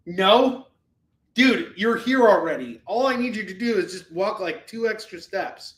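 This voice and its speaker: Here the same host sounds animated, his high voice fairly bright and his pace measured. Streaming a comic-book sale from a room in his house, he rambles, jokes, and leans on fillers in casual selling talk. Echo fills the room.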